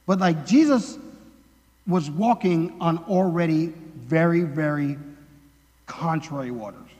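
A man's voice: a little high, expressive, takes it slowly, a little mellow. A male preacher giving a casual sermon, chatty and full of "like" and jokey asides. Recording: long reverb of a large hall.

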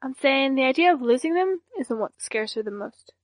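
A woman voicing an emotionless young woman villain in an audiobook, speaking in a flat monotone. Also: high-pitched, moderate pace, no echo. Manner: monotone, deadpan delivery. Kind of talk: audiobook character voice.

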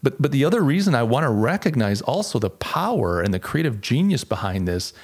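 A middle-aged man hosts a podcast on his own, very animated and a little fast, his voice medium in pitch. The monologue is casual and reflective, with plenty of restarts.

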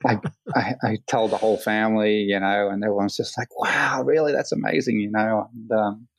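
An Australian man, a hang glider pilot, telling a story as a guest in a casual interview, full of fillers and lively quoted voices. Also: fairly low pitch, brisk, poor audio. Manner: rambling, many fillers, animated quoting.

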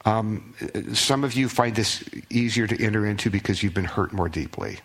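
A man's voice: on the low side, moderate pace. Conversational man preaching a sermon. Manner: conversational preaching, rises when reading scripture aloud. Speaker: pastor. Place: church sanctuary.

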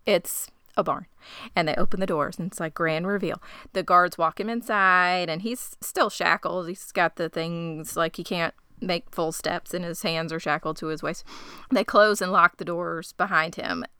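A woman co-hosting a casual podcast, recapping a show with animated storytelling and voiced asides. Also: lowish voice, moderate pace, smooth, no room sound, clean studio sound. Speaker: podcast co-host.

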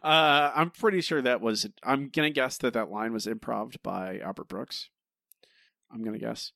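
A man's voice: mid-range voice, moderate pace, vocal fry, sharp tone, no room sound, studio quality. A man co-hosting a casual podcast chat and trivia quiz, self-deprecating and stumbling into restarts. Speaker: podcast co-host.

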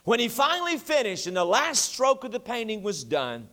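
A man's voice: very high voice, huge pitch swings, normal speed, bright, forceful tone. A man preaching an evening church sermon, telling a story and then making his point with emphatic repetition.

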